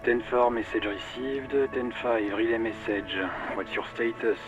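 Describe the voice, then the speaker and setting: A man's voice: mid-range voice, steady tone, a little slow, highs cut off, music in the background, natural voice. An actor playing a scrawny old male police radio operator with a rattly voice, a thick French accent and clipped radio code. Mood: dutiful. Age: older.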